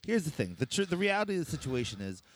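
A man co-hosting a casual podcast over a remote call, playful and teasing with deadpan jokes. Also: fairly high pitch, fast. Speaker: podcast co-host.

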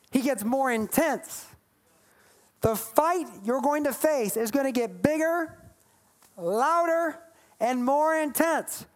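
A woman preaching a sermon, reading scripture aloud and breaking into emphatic, playful asides. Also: high-pitched.

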